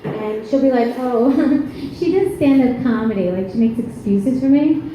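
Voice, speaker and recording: Brash, chatty stand-up comic, woman, thirties, slightly high voice, echoey club sound. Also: dull audio, slight background noise. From New York. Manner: brash, chatty, quick asides with laughs. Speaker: stand-up comedian. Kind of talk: stand-up comedy set. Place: comedy club.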